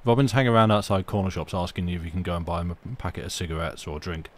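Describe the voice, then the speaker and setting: A man's voice: low voice, steady tone, rapid-fire, a little hiss or hum. A British man co-hosting a casual livestream, dropping dry, teasing remarks. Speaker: co-host.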